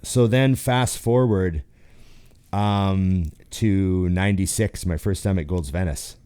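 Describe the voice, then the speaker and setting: A man's voice: deep voice, slow, smooth. A man from Canada, a pro bodybuilder, telling stories casually and acting out the other voices in them. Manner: animated, acts out the voices in his stories. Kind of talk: casual storytelling.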